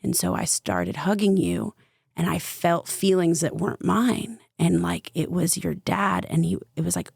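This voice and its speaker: A woman's voice: lowish voice, expressive, unhurried, vocal fry, darkish tone, breathy edge, no echo, clean studio sound. A young adult woman, a spiritual coach guesting on a podcast, telling a personal story in a casual, chatty way full of fillers. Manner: chatty, fillers of "like", vivid retelling.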